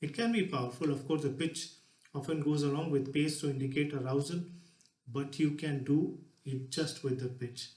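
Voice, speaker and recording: A man gives a lively public talk from a stage. His voice sits slightly higher than most men's. The hall around him echoes. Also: moderate pace. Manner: lively, demonstrative, shifts voice to show examples. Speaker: speaker giving a talk. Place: stage before a live audience.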